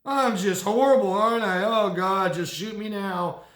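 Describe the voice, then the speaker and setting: A man mimicking a whiny, self-pitying person in a high, melodramatic voice, recorded in an echoey room. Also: normal speed, fairly bright tone.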